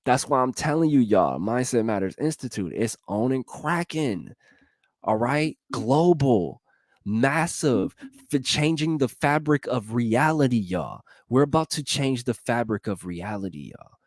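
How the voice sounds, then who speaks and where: Animated male motivational speaker, slangy and repetitive, pitch swings wide, dry close recording. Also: a little slow, dry recording. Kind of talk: energetic motivational monologue.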